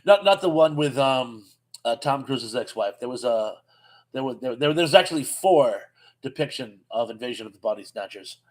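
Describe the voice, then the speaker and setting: A man's voice: medium pitch, animated, moderate pace, rough recording. A man in his fifties hosts a casual live chat, reading out comments and musing on them. His mid-range voice rambles along, tripping over restarts and breaking into chuckles.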